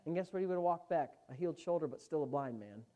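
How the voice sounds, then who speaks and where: Fervent woman preacher, animated delivery. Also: low voice, fast. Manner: emphatic, swinging from hushed asides to fervent loud exclamations. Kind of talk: sermon.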